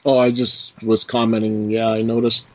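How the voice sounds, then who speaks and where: A man, a paranormal investigator, calling out slow, deliberate questions during a ghost box session. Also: lowish voice, little pitch movement. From Canada. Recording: muffled call line with loud hiss.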